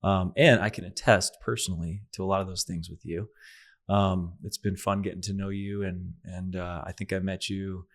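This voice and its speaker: Host: man with a very low voice, easygoing interviewer, hesitant and friendly. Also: moderate pace. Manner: friendly, relaxed, hesitant with fillers. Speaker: podcast host. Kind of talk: casual interview chat.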